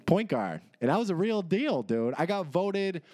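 A man in his twenties, a podcast co-host, telling a rambling story in casual chat, animated and swearing freely as he acts out the people in it. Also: high voice, normal speed.

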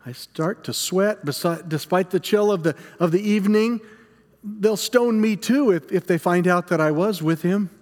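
A man playing the frightened, guilt-stricken apostle Peter in a dramatic first-person monologue, halting and stammering over his words. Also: high voice, darkish tone, big-room sound, natural voice. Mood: ashamed.

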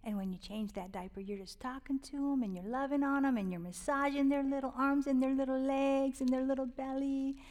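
A woman with a fairly high voice speaks earnestly and warmly about raising children in faith, rambling with fillers and restarts. She now and then sinks to a soft whisper, and her voice trails into a long hall reverb. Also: steady tone, a little fast, few pauses. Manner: earnest and heartfelt, drops to a whisper on tender points. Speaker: Christian parenting speaker. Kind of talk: casual devotional talk on parenting.

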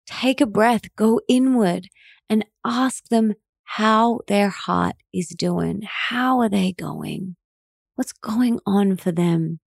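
Woman in her thirties, mid-pitched; earnest, encouraging podcast host, intimate and dry. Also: slow pace, vocal fry, no echo. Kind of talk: motivational monologue.

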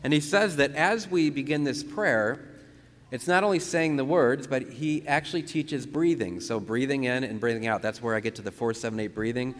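Man priest, slow calm prayer leader. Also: mid-range voice. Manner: slow, calm, repeats phrases with pauses for breathing. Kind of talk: teaching and leading a guided prayer. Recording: long reverberant room sound.

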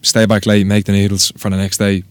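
A man's voice: fairly low pitch, monotone, fairly quick, clear, resonant tone, no room sound. An Irish man, a tattoo artist, telling stories in a casual interview, rambling and swearing freely. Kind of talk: casual podcast interview storytelling.

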